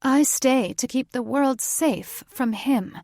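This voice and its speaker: An anxious old grandmother witch from a fantasy audiobook, her voice lifted higher and louder than the narration. She sounds worried and fearful, with a gravelly edge. Dry studio sound. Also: slow pace, dry recording. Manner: fearful, sighing.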